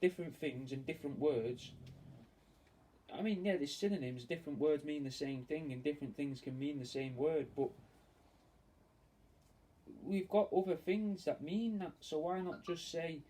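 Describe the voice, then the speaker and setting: This man's fairly high, warm voice moves at a moderate pace as he chats loosely and swears freely, working on a taxidermy piece for his fans. The recording comes from a distant mic with faint ambient sound.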